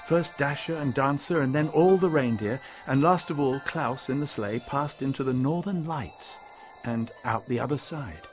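A man narrating an audiobook, reading in a measured, expressive storytelling manner. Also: medium pitch, faint music behind. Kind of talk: scripted narration.

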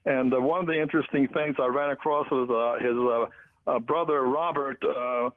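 A man who is a guest author, talking in a halting way with many filler sounds. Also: mid-range voice, fairly even intonation. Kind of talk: phone interview. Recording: tinny phone line.

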